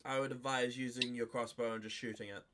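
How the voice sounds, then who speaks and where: A man's voice: mid-range voice, flat delivery, quick pace, background noise. A man playing in a tabletop game, chatting casually, blunt and full of swearing. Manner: blunt, swears a lot, laughs. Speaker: player. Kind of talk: casual gaming chat.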